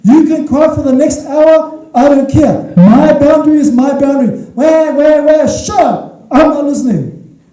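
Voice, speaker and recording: A man's voice: very high-pitched, unhurried, warm tone, voice pushed up. A man putting on an exasperated, ranting parent who brushes everything off with dismissive bluster. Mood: fed up. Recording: echoey hall from far off.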